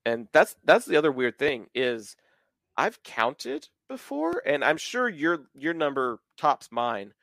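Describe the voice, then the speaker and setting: A man in his thirties from the American South hosts a podcast in a relaxed, talkative way. He lays out ideas at length and leans on plenty of filler words. His voice is mid-pitched and sits close and dry on the mic. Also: measured pace, hardly any pauses, dry recording. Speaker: podcast host. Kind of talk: casual podcast chat.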